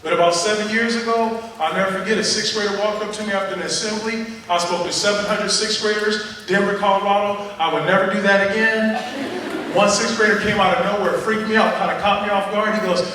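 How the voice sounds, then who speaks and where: A man giving a motivational speech at a school assembly, telling stories with animated, joking energy and talking straight to the students. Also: high voice, fairly quick. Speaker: motivational speaker. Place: large high school gym. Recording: echoey gym from far off, audience noise.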